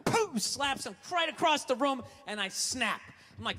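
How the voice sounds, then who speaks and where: A man's voice: very high-pitched, animated, a little slow, bright, forceful tone. A man doing a stand-up comedy set on stage, telling profane, ranting stories to a live audience.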